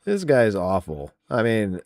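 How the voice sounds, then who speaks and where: A man with a fairly low voice hosts a podcast in loose, casual chat. He mocks and trash-talks freely, swearing as he reads viewer comments aloud. The sound is dry and close. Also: wildly swooping pitch, a little slow, a little mellow, no room sound. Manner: mocking, profane, trash-talking. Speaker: podcast host.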